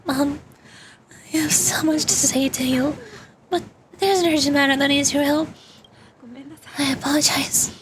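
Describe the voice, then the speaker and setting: A woman's voice: sits high, steady tone, measured pace, long pauses, a little hiss or hum. A young woman vtuber reading game dialogue aloud as she plays, with casual asides. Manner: reads all characters' lines with casual asides. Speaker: vtuber streamer. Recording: game music behind the voice.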